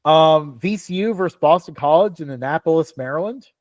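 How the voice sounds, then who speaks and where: Young male co-host, slightly high voice, dry close sound, rambling chat full of "um" and "like". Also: brisk, a little mellow, dry recording. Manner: rambling, filler-heavy, laughs often. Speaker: podcast co-host. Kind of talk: casual sports talk.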